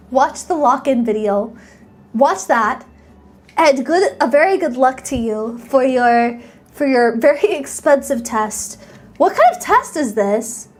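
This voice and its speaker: High-voiced bubbly woman streamer. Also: darkish tone. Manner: bubbly, playful, reads and thanks chat, sometimes squeals. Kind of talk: casual live-stream chat.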